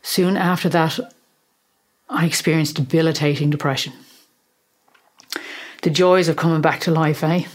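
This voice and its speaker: Low-voiced woman telling a personal story. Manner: candid, emotional, swears casually, laughs. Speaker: podcast host and counsellor.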